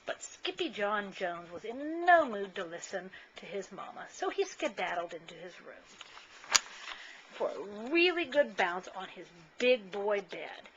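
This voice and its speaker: A woman, a parent, reading a children's picture book aloud in a folksy, animated way. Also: medium pitch, measured pace. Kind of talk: casual storybook read-aloud. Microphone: built-in camcorder mic. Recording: dull lo-fi camcorder sound, faint hiss.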